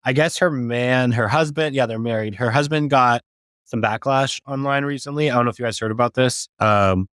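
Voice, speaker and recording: A man in casual chat, relaxed and tentative with many fillers. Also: medium pitch, brisk, no room sound, clean studio sound.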